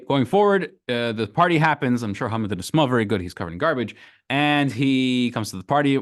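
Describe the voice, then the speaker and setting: A rabbi teaching a Torah class, telling a story with acted voices in a casual manner. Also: male voice, fairly low pitch. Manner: casual, with fillers.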